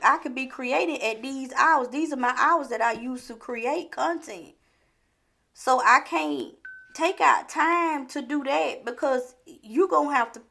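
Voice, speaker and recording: A woman vlogger giving a repetitive, preachy motivational talk full of rhetorical questions, sometimes dropping to a low, hushed voice. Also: gravelly.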